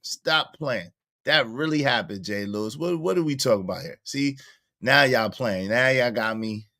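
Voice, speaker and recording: Animated bright-voiced man teasing his chat. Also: medium pitch, normal speed, vocal fry. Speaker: livestream host reading chat. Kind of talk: casual livestream commentary.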